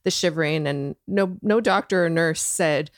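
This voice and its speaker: A woman's voice: sits low, normal speed, no echo, clean studio sound. A woman guest on a podcast, chatting casually, often chiming in to agree. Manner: agreeable, relaxed, chimes in often. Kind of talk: casual chat.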